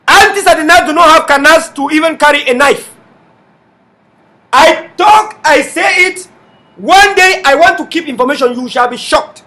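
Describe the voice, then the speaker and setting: A man hosting an online TV show, addressing viewers in an emphatic, repetitive way with bursts of shouting. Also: very high-pitched, expressive, normal speed. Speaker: online TV host. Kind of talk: impassioned livestream address.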